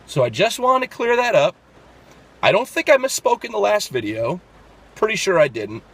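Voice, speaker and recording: A man's voice: high voice, very animated, normal speed, vocal fry, fairly bright tone, slightly rough. A man explaining workout technique in a casual fitness vlog, talking step by step with lots of fillers and restarts. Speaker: fitness vlogger.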